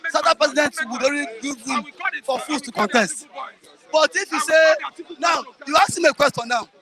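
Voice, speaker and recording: A Nigerian man arguing politics forcefully, talking over others and repeating himself. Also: extremely high pitch, normal speed, crowd noise. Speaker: interviewee. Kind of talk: heated political argument.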